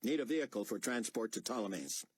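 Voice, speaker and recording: A man's voice: fairly low pitch, animated, quick pace, a little hiss or hum, voice pushed up, close to an everyday voice. A man voicing a blunt, clipped, exasperated adult male pilot.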